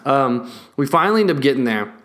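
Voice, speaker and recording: A young man telling a story in a casual vlog, animated, swearing heavily and laughing between lines. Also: medium pitch, brisk. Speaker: vlogger.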